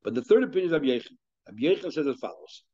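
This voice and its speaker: A man's voice: a little high, sing-song, rapid-fire, mellow, husky. Man explaining Talmud, muffled. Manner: conversational, thinking aloud with frequent restarts; mixes Hebrew and Aramaic terms into English explanation. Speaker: Talmud teacher. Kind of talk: daily Talmud class lecture.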